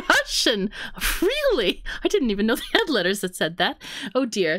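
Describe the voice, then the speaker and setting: Giggly, lively-voiced woman co-host. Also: on the high side, normal speed, hardly any pauses, no echo, studio quality. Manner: laughs often, giggly and chatty. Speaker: podcast co-host. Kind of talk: casual chat.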